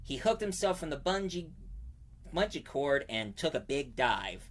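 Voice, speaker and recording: A man's voice: a little high, very animated, measured pace. A man giving a casual spoken comic book review, rambling and digressive, often stopping to correct himself mid-sentence.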